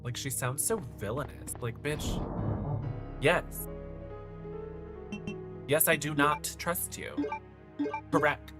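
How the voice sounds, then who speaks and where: A woman streams a horror game and keeps up a campy, sassy commentary for her viewers. Her voice is extremely low and her talk unhurried. Loud game music plays behind her. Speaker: livestreamer. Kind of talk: casual livestream commentary.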